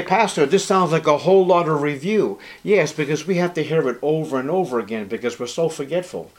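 Emphatic man preaching a sermon. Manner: emphatic preaching, rising loud on key words and dropping low and soft. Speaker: pastor.

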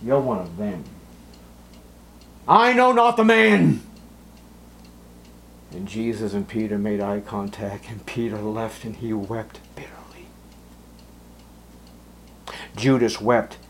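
Give me a male preacher delivering a dramatic sermon at a slow, deliberate pace. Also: fairly even intonation, slight background noise. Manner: dramatic, acts out Bible scenes with sharp jumps in pitch and volume. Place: church.

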